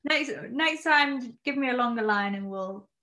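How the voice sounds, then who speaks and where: A young British woman speaking in a slightly high voice as a podcast guest. She talks softly and modestly, often trailing off mid-thought. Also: lively intonation, measured pace. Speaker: actress guest. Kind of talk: casual interview chat.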